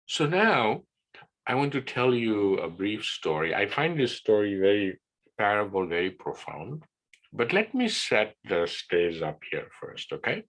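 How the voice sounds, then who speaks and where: Older man with a bright, slow voice. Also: on the low side. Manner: relaxed teaching talk with frequent "right?" checks. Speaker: wellness guest speaker. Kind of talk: casual presentation on an online class.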